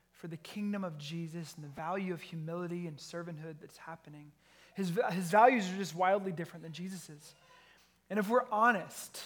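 A male pastor with a fairly high voice delivers a sermon. He reads a scripture passage and then explains it, his voice climbing when he acts out what the characters say. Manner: reads scripture then preaches, voice rises when acting out quotes.

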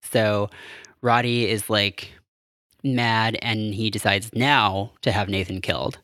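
A man's voice: lowish voice, steady tone, slow pace, bright, forceful tone, dry recording, studio quality. A man casually recapping a film as a podcast host, rambling and amused with lots of fillers. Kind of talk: casual chat.

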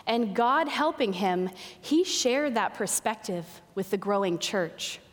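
A woman preaching a sermon in a church. She speaks in slow, deliberate phrases with emphatic pauses. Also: medium pitch, lively intonation, in a large hall. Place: church sanctuary. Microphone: pulpit microphone with feedback.

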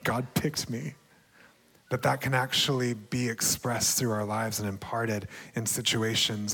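Earnest young male preacher, warm testimony with frequent light laughs, long hall reverb. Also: medium pitch, measured pace, slightly rough. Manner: earnest, laughs often, bursts into excited shouting. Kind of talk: sermon testimony.

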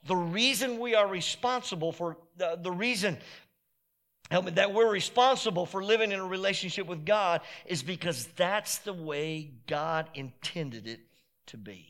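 Pastor, male, very high bright voice, emphatic sermon delivery with repeated phrases building to shouts. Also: lively intonation, moderate pace.

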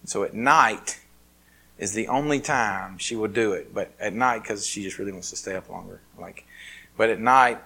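A pastor with a somewhat low voice preaching in a loose, chatty way, full of fillers and restarts. He surges to loud, emphatic highs, then drops to near-hushed asides. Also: normal speed, gravelly, slightly rough, poor audio. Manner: casual, filler-heavy delivery with many restarts; swings between loud emphatic peaks and quiet, hushed asides. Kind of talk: conversational sermon.

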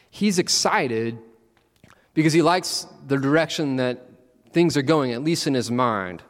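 A man's voice: mid-range voice, lively intonation, a little slow, long reverb tail. A man preaching a conversational sermon, acting out the disciples with playful asides.

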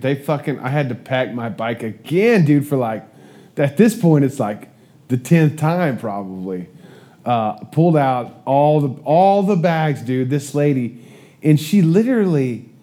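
A man's voice: medium pitch, expressive, measured pace, warm tone. A man telling a rambling, profane story about his motorcycle ride, saying "dude" constantly. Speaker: motorcycle rally rider recapping his day. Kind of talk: casual storytelling.

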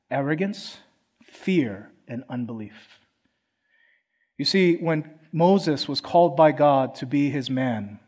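A man's voice: a little high, darkish tone. Earnest man preaching a sermon. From Philadelphia, USA. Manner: conversational, earnest, acts out quotes. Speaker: pastor. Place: church.

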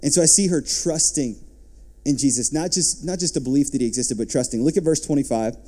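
Male pastor, mellow timbre, animated sermon delivery. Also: medium pitch, a little fast. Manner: animated preaching, rising and dropping to soft asides.

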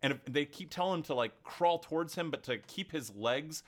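His voice is a little high and moves at normal speed as he co-hosts a podcast, launching into heated, emphatic, animated storytelling within a casual chat.

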